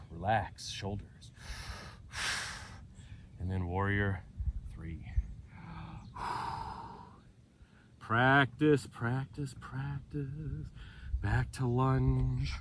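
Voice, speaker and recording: Man, yoga instructor, slow unhurried cueing, breathing hard, jokey asides, faint outdoor noise. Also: medium pitch. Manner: playful, joking asides while cueing poses. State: breathing hard during exercise. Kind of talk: guided workout instruction. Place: outdoors with a mountain view.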